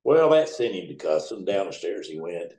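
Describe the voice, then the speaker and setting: A middle-aged man with a low, deep voice, telling rambling, salty stories as a towboat captain. His speech is folksy and loose, with a roomy echo around it. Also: very animated, moderate pace, darkish tone. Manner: folksy, rambling, profane storytelling. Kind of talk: oral history interview storytelling.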